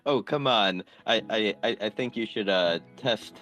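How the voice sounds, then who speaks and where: A man's voice: on the low side, a little slow, fairly bright tone, faint music behind. A man co-hosting a casual online audio chat, laid-back and joking, with stammered restarts. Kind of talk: casual Twitter Space chat.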